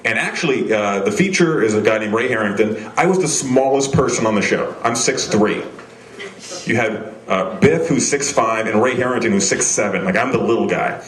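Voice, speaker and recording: A man's voice: on the low side, normal speed, reverberant. A young man doing a live stand-up set on a small club stage, rambling and self-deprecating, with many restarts. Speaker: stand-up comedian. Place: small comedy venue stage.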